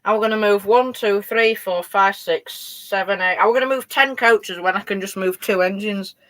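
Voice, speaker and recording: A man's voice: sits high, normal speed, bright, forceful tone, low-quality recording. A teenage male host with a Yorkshire accent, chatting casually on a live stream and answering viewers' messages while running model trains. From Yorkshire, England. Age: teens. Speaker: livestream host.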